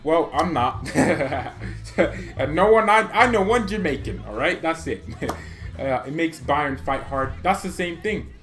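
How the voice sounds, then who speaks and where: A man hosting a fan channel stream, reading chat comments aloud and reacting with excitable, joking arguments and frequent laughter. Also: on the high side, a little slow. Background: faint background music.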